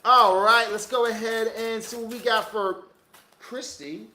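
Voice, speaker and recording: Man, high and bright voice, casual slangy tarot reader on a livestream who laughs a lot, echoey room. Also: fairly even intonation, measured pace, slight background noise. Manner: laughing, slangy, joking asides.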